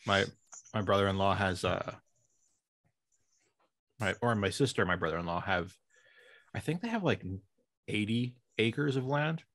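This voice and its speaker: A man's voice: fairly low pitch, expressive, normal speed, long pauses, a bit bright, no room sound. A man in his thirties chatting casually as a podcast cohost, rambling and trailing off, laughing often, over a call mic. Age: 30s. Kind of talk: casual chat. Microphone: remote call mic.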